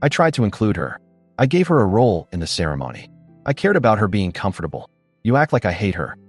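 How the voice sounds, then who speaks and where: Casting: a man voicing a bitter stepmother, curt, low-pitched read, lively lilt. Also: fast talker, soft background music. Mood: defensive. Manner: curt, defensive. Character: resentful defensive woman, stepmother.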